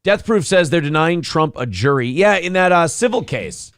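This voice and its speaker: Male co-host, blunt and profane, animated pitch, dry mic. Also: normal speed, no echo. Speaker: morning show co-host. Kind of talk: casual political talk show, reading chat comments.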